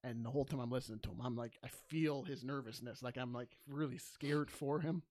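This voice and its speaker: A man's voice: medium pitch, brisk, no room sound, studio quality. A man co-hosting a casual podcast, telling stories with lots of laughter and casual swearing. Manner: animated storyteller, laughs often, swears casually. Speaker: podcast co-host.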